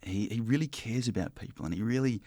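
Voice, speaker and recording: A man's voice: mid-range voice, quick pace, dark tone, dry recording. An Australian man, a broadcaster, chatting in an interview with frequent ums and restarts. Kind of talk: casual interview chat.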